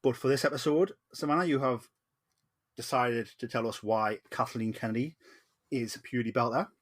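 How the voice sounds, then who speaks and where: A podcast host from Newcastle in northeast England chats enthusiastically with a Geordie accent and plenty of ums. His voice is mid-range and moderately paced, recorded on a home podcast setup in Newcastle.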